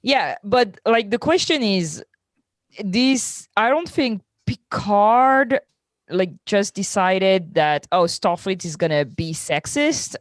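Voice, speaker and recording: A woman co-hosting a review podcast in relaxed, chatty talk. She laughs often and strings her thoughts together with "like". Her voice sits at a middle pitch and sounds dry and close. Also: slow, dry recording. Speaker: podcast co-host. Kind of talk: casual review chat.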